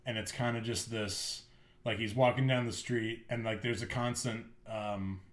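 In an echoey room, a man with a lowish voice speaks at a moderate pace and a steady tone. He's co-hosting a podcast, rambling through casual chat with plenty of fillers and lots of enthusiasm.

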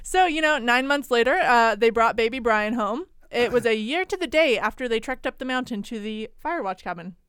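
A woman's voice: on the high side, expressive, moderate pace, hardly any pauses, a bit bright, smooth, no echo, clean studio sound. A woman co-hosting a podcast, telling a story in a chatty, jokey way with frequent giggles. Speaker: podcast co-host. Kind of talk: casual storytelling chat.

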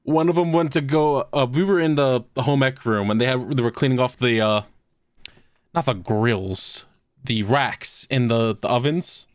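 A man's voice: medium pitch, normal speed, smooth, dry recording, clean studio sound. A man co-hosting a podcast, telling crude prank stories in a casual, laughing way. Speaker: podcast co-host. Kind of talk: casual storytelling.

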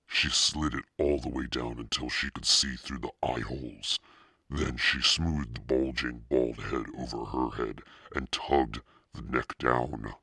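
A demonic Satan narrator reads a spooky storybook in a bottomless, gravelly rumble. He drags out every word slowly and menacingly, his breathy rasp sitting close in a completely dry studio. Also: fairly even intonation, bright, forceful tone, no echo, heavily acted. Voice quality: extremely deep, gravelly and husky. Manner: slow, menacing storytelling drawl. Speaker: podcast narrator. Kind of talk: scripted narration.

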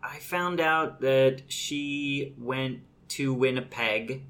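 A man's voice: medium pitch, extremely slow, a bit bright. Laughing, rambling male actor guest. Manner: rambling, laughs often, many fillers. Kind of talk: casual podcast interview.

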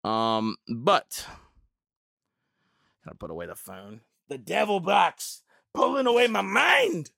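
A man's voice: fairly low pitch, fairly bright tone, clear, resonant tone, no room sound, studio quality. A man in his thirties hosting a solo podcast, rambling through jokey tangents with lots of fillers and restarts. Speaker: podcast host and middle school teacher.

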